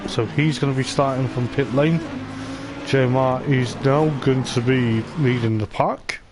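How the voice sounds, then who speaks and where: A man's voice: medium pitch, fairly even intonation, a little slow. Man commentating a sim race over engine noise. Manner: chatty, meandering running commentary. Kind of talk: live sim racing commentary. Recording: clear racing game engine noise behind the voice. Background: race car engine sounds from the game.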